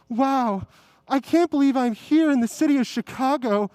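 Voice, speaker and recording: A woman's voice: high-pitched, moderate pace, mellow, no echo. A woman performing a comic, self-important one-woman show with bursts of song. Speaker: pageant contestant.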